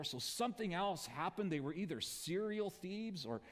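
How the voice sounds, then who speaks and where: A man's voice: sits high, animated, normal speed, hardly any pauses. A male pastor preaching a sermon in a casual, conversational storytelling manner, full of asides, in a church sanctuary. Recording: reverberant church hall.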